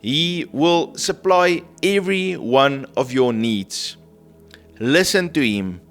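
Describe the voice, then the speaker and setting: Earnest man preaching over soft music. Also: on the high side, lively intonation, slow pace. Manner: gentle, earnest, frequent "okay?" and "right?" checks. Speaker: prophetic minister. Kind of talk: sermon teaching.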